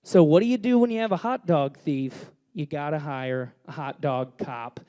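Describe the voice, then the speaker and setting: Brash high-voiced male comedy host. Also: normal speed, dark tone. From Kentucky. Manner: brash, profane, joking crowd banter. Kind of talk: live comedy show hosting. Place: small live music venue with audience.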